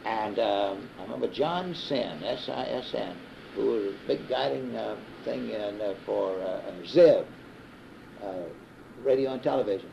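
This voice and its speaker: A man's voice: lowish voice, measured pace, creaky. A man in his fifties with a Southern US accent, telling a long rambling story with many restarts and uh's. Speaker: interviewee, radio broadcaster. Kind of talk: casual storytelling. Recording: dull, faintly hissy old reel-to-reel tape.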